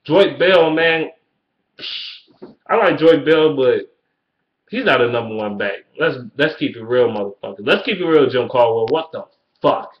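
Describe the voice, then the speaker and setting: A man's voice: mid-range voice, muffled recording. A man in a fired-up, profanity-heavy rant about his football team, repeating his points and swearing constantly. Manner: heated, repetitive, swearing constantly. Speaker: sports fan ranting about his team. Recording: echoey room.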